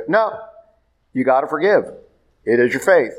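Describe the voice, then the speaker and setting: A man's voice: medium pitch, lively intonation, normal speed, pauses often. A man preaching a sermon as a priest, emphatic and repeating his points. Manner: emphatic, repeats points, rises sharply when pressing.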